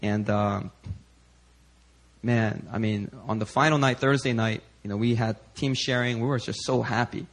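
Guy pastor preaching like he's just chatting, lots of you knows, gets pretty animated. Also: medium pitch, moderate pace. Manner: conversational, many "you know" fillers, grows animated. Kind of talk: sermon storytelling.

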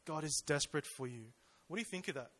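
A young man with a fairly high, slightly bright voice and lively intonation talks quickly during an informal church sermon, peppering it with fillers and questions for the audience.

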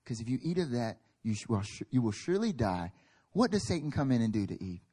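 A man's voice: medium pitch, sing-song, fast, warm tone, breathy edge. A male pastor preaching a sermon at a church service, emphatic and building in intensity, acting out little quoted voices.

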